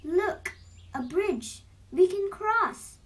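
A woman voicing an excitable young brother billy goat who shouts and cries out, heard from a distant mic. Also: very high voice, slow, pitched above the performer's own voice. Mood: excited.

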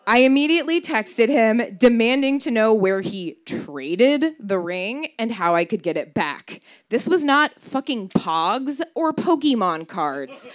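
Woman, 30s, stage storyteller; wry, candid delivery with a very animated melody. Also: on the high side, a little slow, hardly any pauses. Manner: wry, candid, swears for comic emphasis. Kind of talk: live personal storytelling performance.

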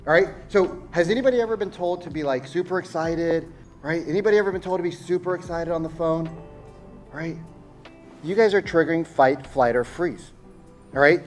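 A man is coaching salespeople from a stage, his voice sitting a little high. He talks in an animated, rhetorical way and keeps asking the room questions. Faint music runs underneath. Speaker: sales trainer. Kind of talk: stage talk to an audience. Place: stage before a live audience.

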